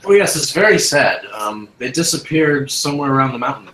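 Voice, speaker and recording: A man's voice: medium pitch, very animated, brisk, sharp tone, voice pushed up. A man voicing a polite, middle-aged woman who runs an aid camp. He speaks hesitantly, with many ums, and tries no accent. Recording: roomy echo.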